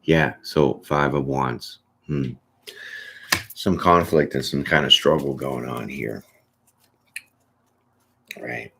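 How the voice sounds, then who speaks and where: A man's voice: rumbling low, steady tone, takes it slowly, vocal fry, long pauses, fairly bright tone, a little hiss or hum. A man doing a casual, chatty tarot reading, joking and laughing often as he goes through the cards. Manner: chatty, laughs often, jokes and acts out little bits. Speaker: tarot reader.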